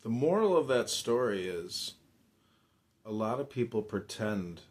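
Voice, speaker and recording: A man hosting a comedy chat room, rambling through crude stories with deadpan asides. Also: on the low side, unhurried. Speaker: host.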